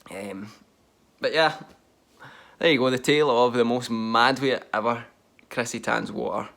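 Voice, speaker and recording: Laughing young storyteller. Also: male voice, medium pitch, measured pace, creaky. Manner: laughs often, self-mocking and animated. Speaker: vlogger. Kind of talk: casual storytelling.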